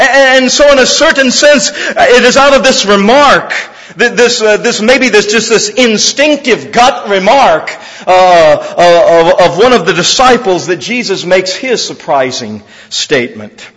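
A man preaching an expository sermon, earnest and halting, often repeating words as he searches for the phrase. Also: very high voice, a bit bright. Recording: long hall reverb.

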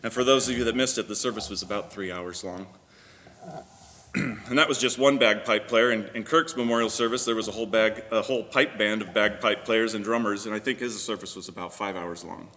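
A man's voice: fairly low pitch, brisk, fairly bright tone, slight background noise. A man pastor giving a sermon, praying and then preaching earnestly with frequent fillers. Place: church sanctuary. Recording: long reverb of a church hall.

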